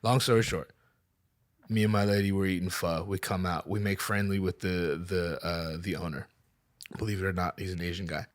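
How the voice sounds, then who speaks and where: A man's voice: deep voice, moderate pace. A man in casual podcast chat, telling a story with lots of energy and swinging into other people's voices. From part Filipino, part Chinese. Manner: animated storyteller, acts out voices. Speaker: podcast co-host.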